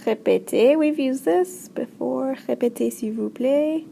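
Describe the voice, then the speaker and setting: Woman, French teacher, classroom lesson, patient explaining, dark warm tone, faint background noise. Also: high-pitched. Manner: explaining slowly and clearly, with fillers.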